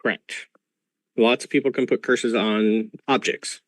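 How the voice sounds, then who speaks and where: A man lectures his players as a school professor, slowly and patiently, filling pauses with ums. His voice sits in the middle range for a man. The sound is dry and close, picked up over a video call. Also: medium pitch, fairly even intonation, fairly bright tone, no room sound. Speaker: game master playing a professor. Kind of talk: narrating a tabletop game over a video call.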